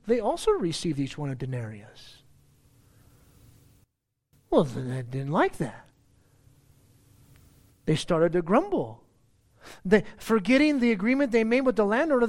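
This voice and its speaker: A man preaching a sermon in a conversational way, often repeating words and restarting, then rising in pitch and loudness to stress a point. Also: big pitch swings, unhurried, pauses often. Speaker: pastor.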